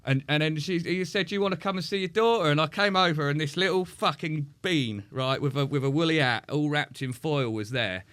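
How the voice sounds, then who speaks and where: A man's voice: fairly high pitch, brisk, few pauses, fairly bright tone. A man, a podcast guest candidly recounting a hard personal story, swearing often and restarting his sentences.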